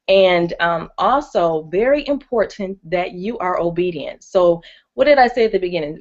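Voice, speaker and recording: Earnest woman teaching, muffled lo-fi audio. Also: mid-range voice. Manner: earnest and encouraging, with frequent fillers and restarts. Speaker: ministry co-host. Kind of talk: faith-based finance teaching.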